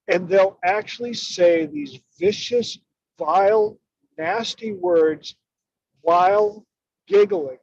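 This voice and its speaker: A man telling stories and coaching in an emphatic, expressive way during a conversation. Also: sits high, slow, breathy edge, dry recording. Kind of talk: storytelling in conversation. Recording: dull lo-fi dry audio.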